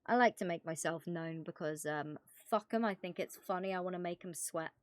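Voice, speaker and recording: A woman's voice: lowish voice, normal speed, dry recording. A woman role-playing a police officer, chatting in character with frequent swearing and stammered restarts. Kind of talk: in-character role-play chat.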